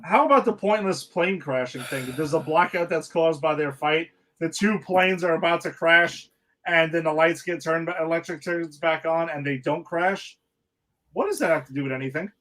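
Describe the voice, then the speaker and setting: A man's voice: a little high, normal speed, fairly bright tone, low-quality recording. A man co-hosting a podcast, recapping a movie's plot with mocking asides. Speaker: podcast co-host. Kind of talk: casual movie recap chat.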